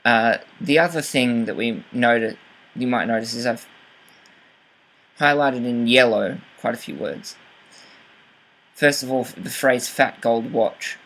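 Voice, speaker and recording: A man's voice: mid-range voice, a little slow, long pauses, a bit bright, low-quality recording. A young man talking through how to read a poem closely, hesitant, with fillers and self-corrections. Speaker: writing channel host. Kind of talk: casual explanatory talk with poetry reading.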